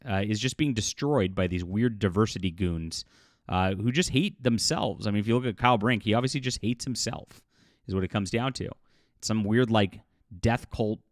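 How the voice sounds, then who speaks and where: A man giving casual, scornful commentary for his video channel, laughing often and filling pauses with "uh". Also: lowish voice, no echo, studio quality. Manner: scornful, mocking, laughs often, many fillers. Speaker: YouTube commentator.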